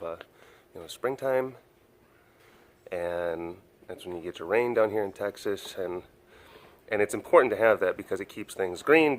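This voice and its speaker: This man's voice is deep with a touch of brightness. He hosts a relaxed outdoor walking vlog for an animal sanctuary's big cat compound, chatting along and cooing fond baby talk at the cats.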